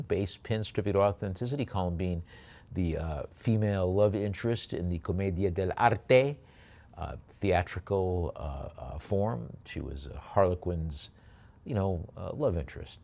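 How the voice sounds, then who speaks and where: A man working as an auctioneer, calling bids in a quick rhythmic patter and slipping into relaxed, joking asides about each lot. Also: fairly low pitch. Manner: rapid bid calls mixed with chatty asides and quips.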